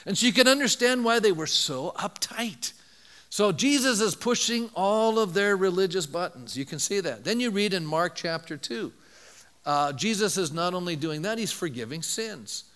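High-voiced pastor preaching in a reverberant hall. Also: male voice, moderate pace. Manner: animated, rhetorical questions to the congregation. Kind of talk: sermon.

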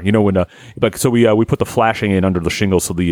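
Male podcast host, lowish voice, dry close sound, rambling casual chat. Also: quick pace, a little mellow, no echo. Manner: rambling, laid-back, many fillers.

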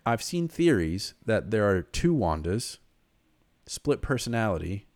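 A man's voice: lowish voice, very animated, unhurried, darkish tone, no echo. A man co-hosting a casual podcast chat, rambling with many fillers and restarts. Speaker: podcast co-host.

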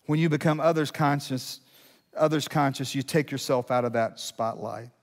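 A man's voice: medium pitch, moderate pace, long reverb tail. A male pastor preaching a sermon in a conversational style, asking rhetorical questions and building to emphatic peaks.

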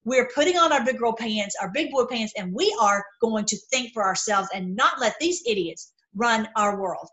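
Brief: middle-aged woman, high voice, impassioned solo commentary, stumbling restarts. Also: animated, normal speed, fairly bright tone, low-quality recording. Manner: impassioned, heated, repetitive restarts. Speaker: video commentator. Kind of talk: casual opinion monologue.

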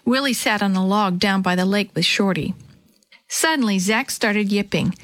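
A woman reading a children's chapter book aloud, telling the story gently and lightly voicing the characters. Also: medium pitch, normal speed, dry recording. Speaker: storybook reader.

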